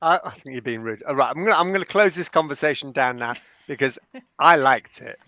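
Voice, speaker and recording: A man's voice: medium pitch, fairly quick, pushed and bright, no room sound. Teasing man hosting a live panel. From Bradford, England. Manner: teasing, playful. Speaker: panel show host.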